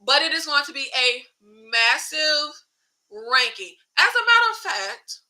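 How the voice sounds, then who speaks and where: A woman hosts a casual livestream with a high, very bright voice. She talks in an animated way, swears freely and answers viewer comments. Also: unhurried, low-quality recording. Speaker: YouTube host.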